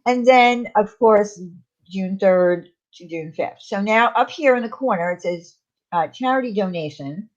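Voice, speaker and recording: A woman's voice: mid-range voice, animated, unhurried. Woman hosting a stream, rambles and restarts a lot, sound a bit muffled. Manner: rambling, with many fillers and restarts. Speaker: channel host. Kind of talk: casual livestream chat.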